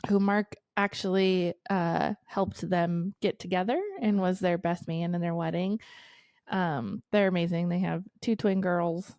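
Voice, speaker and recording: Animated storytelling woman, dry close mic. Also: mid-range voice, no echo. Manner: animated storytelling, swears and laughs often. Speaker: podcast co-host. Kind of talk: casual chat.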